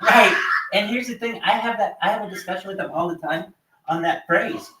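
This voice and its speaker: A man's voice: sits high, fairly quick, distant mic. A man hosting a livestream, telling stories in casual, profane chat. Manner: profane, animated storytelling. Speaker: livestream host. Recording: roomy echo, off-mic.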